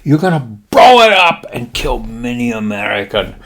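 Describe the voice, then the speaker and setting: A man voicing a pompous old male naval admiral who speaks in a high, clipped, overly formal way. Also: sing-song, normal speed. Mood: rousing.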